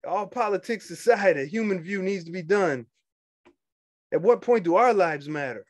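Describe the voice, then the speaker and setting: A man, a union organizer talking casually to fellow members, animated and quick to laugh and scoff. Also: high voice, no echo, studio quality. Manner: animated, laughs often, dismissive asides.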